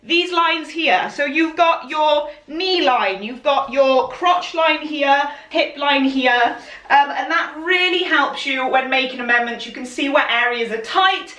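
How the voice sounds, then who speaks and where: A woman with a high voice and sharp tone speaks at a measured pace while teaching a live-streamed sewing lesson. She's a pattern instructor, chatty and encouraging, laughing often and a little breathless as she moves around in front of the camera. The room echoes and her voice sits a bit far from the mic.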